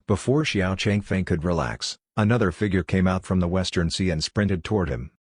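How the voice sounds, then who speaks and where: A man reading a fantasy audiobook as narrator in a steady, even storytelling delivery. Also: sits low, normal speed, hardly any pauses, breathy edge, no room sound, studio quality. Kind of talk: scripted narration.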